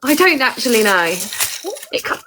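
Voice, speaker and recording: A woman's voice: high voice, big pitch swings, moderate pace, very noisy. A woman with a northern English accent, joining a livestream as a guest, chatting in a bubbly, teasing way and putting questions to the chat.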